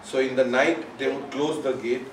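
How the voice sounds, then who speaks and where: Man, mid-pitched, casual storyteller at a gathering; off-mic, roomy sound. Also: fairly even intonation, normal speed, slight background noise. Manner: conversational, peppered with "you know". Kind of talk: informal spoken parable. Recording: roomy, mic at a distance, faint ambience.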